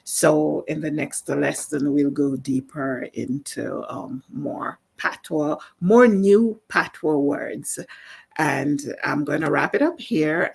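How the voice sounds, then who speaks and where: A woman with a Jamaican accent teaching a live language lesson, explaining slowly with many fillers. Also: sits low, vocal fry, husky.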